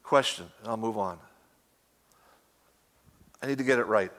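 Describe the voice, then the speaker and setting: A man's voice: on the low side, measured pace, fairly bright tone. A middle-aged man preaching a sermon with fervent, emphatic repetition.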